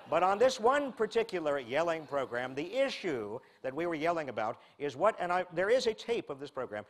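A man in his sixties from the United States giving a humorous public lecture, telling a wry self-mocking story with deadpan asides. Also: fairly high pitch. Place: lecture hall before a live audience.

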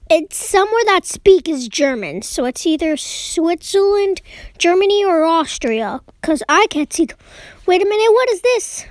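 A young woman giving casual commentary while playing a map-guessing game, excitedly talking to herself as she guesses. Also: extremely high pitch, no echo, clean studio sound. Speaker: game player.

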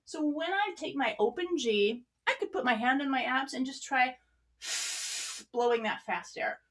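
Seated a few feet back from the mic, a woman teaches clarinet online at a normal pace in a slightly high, a bit bright voice. She covers breathing and tone in a warm, practical manner and demonstrates along the way.

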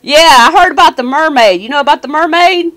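Sassy high-voiced woman on a phone call. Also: brisk, fairly bright tone. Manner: sassy, confrontational, mocking. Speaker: caller baiting phone scammers.

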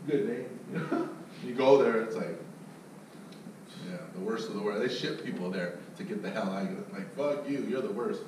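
A man's voice: on the low side, moderate pace. A man telling a sales story and coaching others, cursing freely and acting out the people in it. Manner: profane, animated storyteller who acts out voices. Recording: echoey room, distant mic, faint noise.

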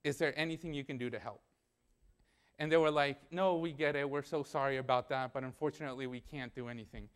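A man's voice: medium pitch, fairly even intonation, quick pace, clear, resonant tone. A young man preaching a sermon in a church, telling a personal story in a conversational way and acting out the dialogue.

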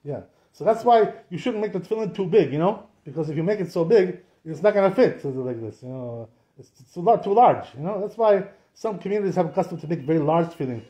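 A rabbi teaches a casual class on Jewish law, tossing rhetorical questions to his listeners and sprinkling in Hebrew terms. His voice is high for a man and soft, warm in tone, and he talks quickly. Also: expressive. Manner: conversational, asks many rhetorical questions; mixes in Hebrew and Aramaic terms. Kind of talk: informal Torah class.

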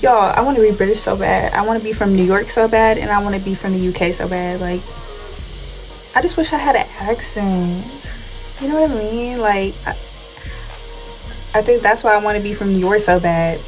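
A woman's voice: medium pitch, moderate pace, faint music behind. A young woman with a light Southern accent, talking in a chatty, slangy, rambling way as she vlogs. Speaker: vlogger. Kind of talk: casual vlog chat.

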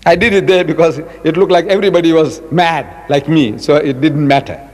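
A man from South Africa giving a public religious lecture, dramatic and animated with lots of repetition. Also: on the high side, moderate pace, big-room sound. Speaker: Islamic lecturer.

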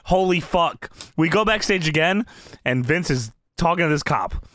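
A man's voice: fairly high pitch, lively intonation, moderate pace, a bit bright, dry recording, clean studio sound. A man co-hosting a podcast, reviewing an old wrestling show in casual chat, laughing often and acting out quotes in silly voices. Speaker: podcast co-host.

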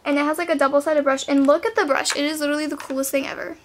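A woman's voice: high-pitched, steady tone, rapid-fire, slight background noise. A teenage girl vlogging casually, bubbly and full of "like" and "literally". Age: teens. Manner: bubbly, says "like" and "literally" a lot. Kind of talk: casual haul vlog.

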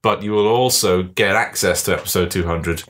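A man's voice: deep voice, moderate pace, a bit bright. A man co-hosting a casual comedy podcast, announcing upcoming shows in an upbeat way. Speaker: podcast co-host.

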